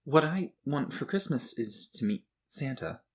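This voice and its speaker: A man voicing a timid young boy who is tearful and hopeful, in a high, shaky child voice. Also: lively intonation, moderate pace, breathy edge. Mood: nervous.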